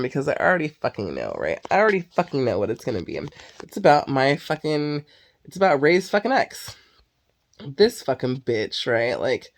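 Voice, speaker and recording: A young woman host chatting casually and candidly, rambling and swearing freely. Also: extremely low pitch. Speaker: podcast host. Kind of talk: casual chat.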